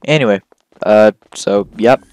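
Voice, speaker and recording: A man's voice: fairly low pitch, a little slow, darkish tone, slight background noise, rough recording. A young man casually commenting on a video game, reading its dialogue aloud in his own voice and adding joking, rambling asides. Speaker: let's play host. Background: faint game music.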